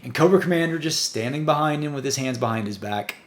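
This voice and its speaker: A man hosting a review channel, retelling a comic's plot in a casual, excited way with frequent chuckles. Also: mid-range voice, fast talker.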